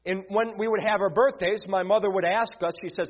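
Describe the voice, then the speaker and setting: High-voiced young man preaching, lo-fi. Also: fairly even intonation, a little fast. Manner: earnest, repeats words, drops low and soft in prayer. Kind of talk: evening sermon.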